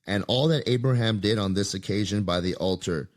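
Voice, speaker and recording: A man's voice: lowish voice, fairly quick. A man hosting a podcast, reading scripture aloud and stopping to think aloud about it in a loose, conversational way. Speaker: podcast host.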